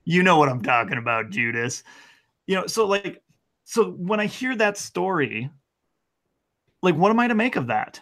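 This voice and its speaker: A man's voice: high voice, very animated, moderate pace, pauses often, fairly bright tone. A man co-hosting a casual theology chat, telling a rambling story with jokes and restarts. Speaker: podcast co-host.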